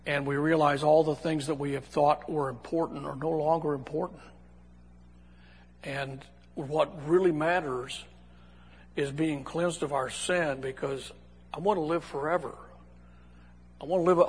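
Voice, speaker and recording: A man's voice: on the high side, breathy edge. A man preaching a sermon in a folksy, conversational way, often restarting his sentences, in a church hall. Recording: long hall reverb.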